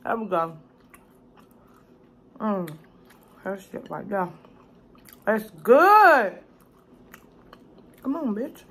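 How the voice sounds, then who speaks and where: Slow-talking salty woman eating on camera. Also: medium pitch, lively intonation, slightly rough. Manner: loud, salty and profane, talks to the viewer as "baby". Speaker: cooking vlogger. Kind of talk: casual mukbang eating commentary.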